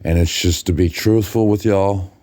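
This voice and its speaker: A very deep, dark-toned man speaks from a hotel bed, worn out and drained. He rambles, stops and corrects himself as he chats late at night to the people who follow him. The sound is close and dry. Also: steady tone, normal speed, no room sound. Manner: rambling, with restarts and self-corrections. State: exhausted and drained. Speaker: video blogger addressing his followers. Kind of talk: casual late-night talk to camera. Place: hotel room, lying in bed.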